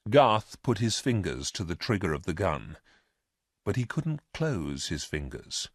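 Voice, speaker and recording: Slow, deliberate male storyteller. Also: sits low, big pitch swings, dry recording, clean studio sound. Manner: clear, deliberate. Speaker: narrator. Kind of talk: storybook reading.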